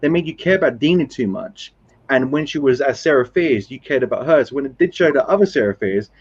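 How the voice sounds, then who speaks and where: A man's voice: mid-range voice, animated, brisk, breathy edge, muffled recording. A man chatting casually in a film discussion live stream, rambling and explaining his points through examples.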